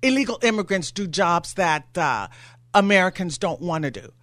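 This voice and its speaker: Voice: mid-range voice, very animated, moderate pace, a bit bright, no room sound. A talk radio host in a studio, getting worked up and firing off rhetorical questions.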